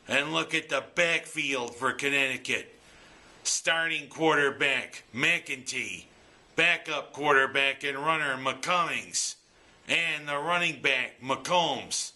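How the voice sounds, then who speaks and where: A man's voice: fairly high pitch, slow pace, pushed and bright. A man ranting about his local football team's loss in an exasperated, joking sports monologue. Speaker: sports commentator.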